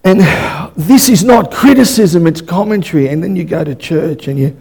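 Male pastor, high and gravelly voice, fervent sermon delivery with stop-start repeats. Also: normal speed. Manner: impassioned, swinging between loud and hushed; repeats and restarts words.

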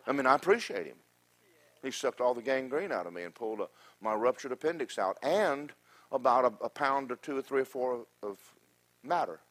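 A pastor preaching a sermon, telling stories with humorous asides and swinging from loud exhortation to quiet remarks. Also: male voice, mid-range voice, brisk. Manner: animated storytelling with humorous asides.

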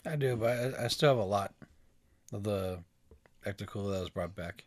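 A woman with a Boston accent co-hosting a podcast in relaxed, casual chat, chuckling as she talks. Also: rumbling low, a little fast. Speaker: podcast co-host.

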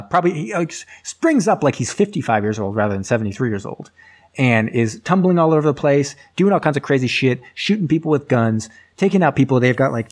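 Man, podcast host, casual movie recap, rambling, mid pitch. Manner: rambling, filler-heavy storytelling.

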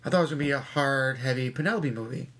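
A man's voice: medium pitch, rapid-fire, a bit bright. A man co-hosting a casual movie chat, joking and interjecting. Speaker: podcast co-host.

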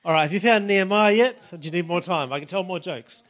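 A man preaching a sermon in a relaxed, conversational way, with many "you know" and "all right" asides. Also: high-pitched, quick pace. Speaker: pastor.

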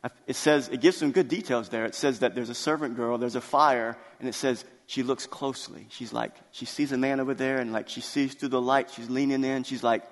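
A male pastor preaching a sermon, retelling scripture dramatically and rising to loud, slow emphasis on key lines. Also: medium pitch, steady tone. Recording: long hall reverb.

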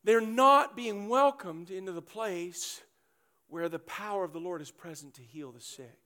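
A man with a bright, high voice preaches a sermon. He tells the story casually and jokes as he goes, slipping into little character voices for a line or two. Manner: humorous storytelling, acting out characters in quick asides. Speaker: pastor.

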